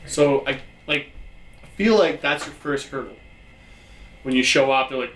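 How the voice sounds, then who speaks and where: Man, casual storyteller, rambling, lots of swearing, echoey room, mid-pitched voice. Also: moderate pace, a bit bright, slight background noise. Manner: rambling storyteller, heavy swearing and filler words. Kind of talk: casual chat.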